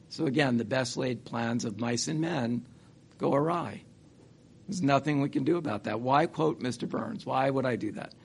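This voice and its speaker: A man preaches a sermonette in an earnest, searching tone, often pausing to restart a phrase. His pitch sits in an ordinary middle range. A faint noise hums under the recording. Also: creaky. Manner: earnest, halting with restarts and rhetorical questions. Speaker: church speaker.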